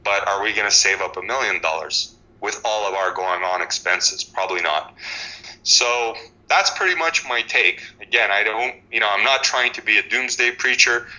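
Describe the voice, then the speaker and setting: A man in his forties, speaking as a housing expert guest in an interview, telling stories with animated restarts. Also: fairly low pitch, normal speed, low-quality recording. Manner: animated storytelling with frequent restarts. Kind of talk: conversational interview.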